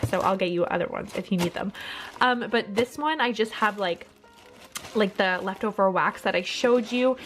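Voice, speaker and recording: A woman's voice: medium pitch, a little hiss or hum. A young woman chatting casually to camera in a home vlog, rambling with lots of fillers. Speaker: vlogger. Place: bedroom at home.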